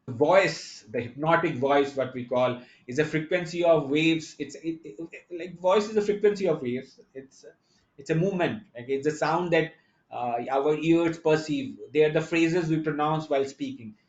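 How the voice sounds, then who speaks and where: A conference speaker with a fairly high voice gives an online lecture, explaining step by step and addressing the audience directly. His delivery is halting, with frequent pauses on fillers and restarts. The audio is echoey and lo-fi.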